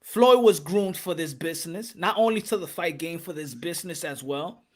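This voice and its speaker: Emphatic high-voiced man hosting live boxing talk. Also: normal speed, a little mellow. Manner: emphatic, stammering restarts, teasing. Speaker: boxing podcast host. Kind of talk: live casual commentary chat.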